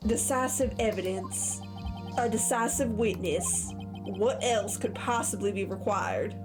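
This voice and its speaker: A menacing old prosecutor sneers in a haughty, contemptuous voice, as a woman puts him on. Game music plays clearly behind him. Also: medium pitch, a little slow, pitched below the performer's own voice, natural voice.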